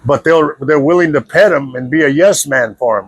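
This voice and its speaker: Blunt, husky man preaching. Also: a little high, moderate pace, no room sound. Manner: blunt and confrontational, with many "you know" fillers and repetitions. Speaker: spiritual video speaker. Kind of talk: preachy spiritual monologue to camera.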